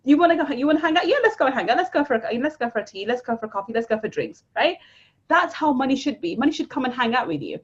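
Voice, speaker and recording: Fast-talking woman, husky and animated. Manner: animated, repeats words, jumps to higher pitch for emphasis. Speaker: guest, money mindset coach. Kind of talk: casual interview chat. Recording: dull lo-fi sound.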